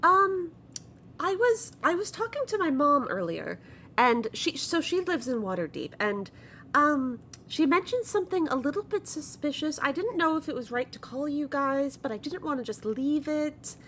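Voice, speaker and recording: A woman voicing a small, shrill-voiced caller who rambles hesitantly and apologetically. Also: big pitch swings, normal speed, sharp tone, slight background noise, exaggerated voice. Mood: anxious.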